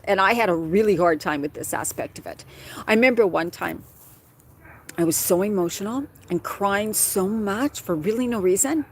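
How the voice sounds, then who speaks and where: A woman's voice: mid-range voice, a little hiss or hum, rough recording. A woman in her forties giving casual, earnest advice straight to camera and acting out worried inner thoughts as quoted asides. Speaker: menopause wellness vlogger.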